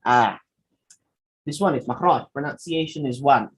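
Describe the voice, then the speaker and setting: Husky man teaching public speaking. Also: medium pitch, moderate pace, poor audio. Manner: animated, acts out example lines with exaggerated intonation. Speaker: public speaking workshop presenter. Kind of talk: lecture to students.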